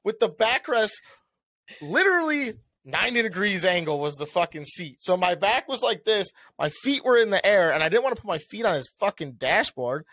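A young man tells a story in loose, profane podcast banter, his fairly high voice climbing whenever he acts out his own lines. The sound is close and dry, with no room around it. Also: brisk, few pauses, no room sound. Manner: animated, swears often, acts out his own lines with a rising voice. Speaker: podcast co-host.

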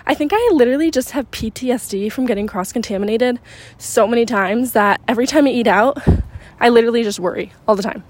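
A young woman hosting a podcast, chatting excitedly while out on a walk, a little out of breath. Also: a little high, fast talker. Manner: bubbly, rambling, excitable. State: slightly out of breath. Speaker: podcast host. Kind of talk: casual chat. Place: outdoors on a walk in a neighborhood, windy.

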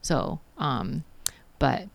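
A woman's voice: low-pitched, lively intonation, extremely slow, gravelly, dry recording. A woman guest talking casually about her healing practice, telling stories and quoting people in between. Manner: chatty, tells stories with acted quotes. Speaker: guest, psychic and Reiki practitioner. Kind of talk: casual interview chat.

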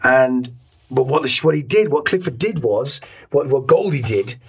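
A man being interviewed as a guest, speaking candidly and reflectively, often halting and repeating words. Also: mid-range voice, lively intonation, a little hiss or hum.

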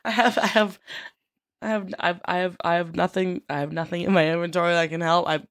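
A giggly player in a comedy tabletop game who stammers and repeats words. The voice sits in a middle pitch and is recorded dry, with no room sound. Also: little pitch movement, fairly quick, a bit bright, no echo. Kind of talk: casual tabletop game play.

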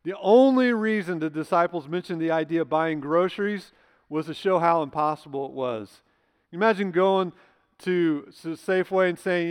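Slightly high and clear, with a resonant tone, the pastor's voice moves at normal speed through his sermon. He asks rhetorical questions in an emphatic, conversational way, and the church sanctuary adds long reverb.

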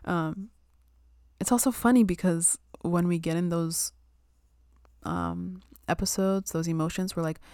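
A woman's voice: fairly low pitch, steady tone, a little slow, vocal fry, warm tone, smooth, no room sound, studio quality. A young woman chatting casually about spirituality and self-care, full of "like" and "um" and casual swearing.

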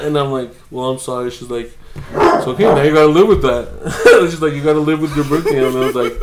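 A man's voice: mid-range voice, lively intonation, brisk, very noisy. A young man telling a loose, rambling story on a casual podcast and laughing often. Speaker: podcast co-host.

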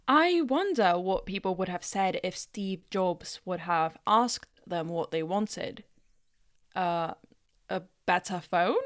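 A woman's voice: medium pitch, clear, resonant tone, dry recording, studio quality. A woman vlogger giving blunt, opinionated commentary.

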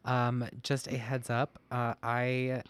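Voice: mid-range voice, monotone, slow, clear, resonant tone, no room sound. A podcast co-host reading research notes from a phone, with self-deprecating, chatty asides. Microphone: podcast mic, masked.

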